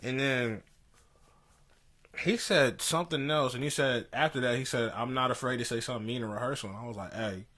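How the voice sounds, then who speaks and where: A man's voice: medium pitch, fairly quick, sharp tone. A young man co-hosting a podcast, telling a story in casual slangy chat and laughing as he goes. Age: young adult. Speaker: podcast co-host. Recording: poor audio.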